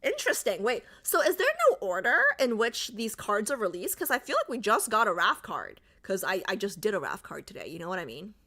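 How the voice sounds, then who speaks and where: A woman hosting a livestream talks casually to her viewers, her voice bright and sharp. Her pitch bounces all over as she jokes, reads out comments and answers them in an easy, chatty way. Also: big pitch swings, fairly quick, few pauses. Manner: chatty, jokey, reads and answers chat aloud. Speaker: streamer.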